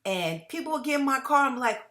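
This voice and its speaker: Quick, pushed, and bright, this middle-aged woman's high-pitched voice carries lively intonation as she hosts her commentary channel. She drives her points home to viewers by repeating phrases and breaking into laughter.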